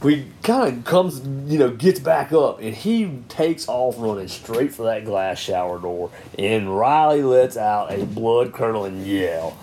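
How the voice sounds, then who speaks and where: A man telling a family story in casual podcast chat, lively and playful. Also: medium pitch, unhurried, hardly any pauses, slight background noise. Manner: animated storyteller, acts out voices.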